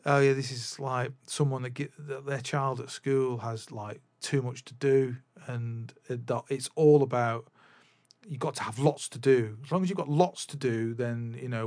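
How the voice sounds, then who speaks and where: A man's voice: mid-range voice, dry recording, clean studio sound. A man hosting a podcast, telling a long story in a casual, rambling way with many restarts. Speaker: podcast host and drum teacher.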